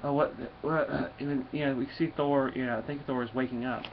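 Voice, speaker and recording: A man's voice: medium pitch, fairly even intonation, fairly quick. A man casually reviewing a comic book, rambling with lots of fillers, on a dull lo-fi recording with faint hiss.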